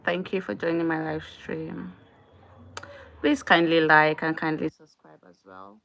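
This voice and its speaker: A woman's voice: low-pitched, fairly even intonation, unhurried, gravelly, a bit bright, muffled recording. A woman hosting her own live stream in casual chat, often thanking and greeting viewers as they join.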